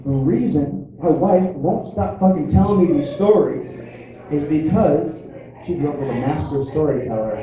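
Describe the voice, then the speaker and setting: A man's voice: on the high side, moderate pace, crowd noise. A man doing a stand-up comedy set, rambling and self-mocking as he acts out little voices. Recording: echoey room picked up from a distance.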